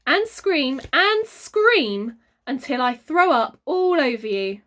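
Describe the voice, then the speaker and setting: A spoiled, bossy little girl from a storybook, slow and stubborn as she lays down demands, as a woman reads her. Her voice sits a little high. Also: big pitch swings, fairly bright tone, full character voice.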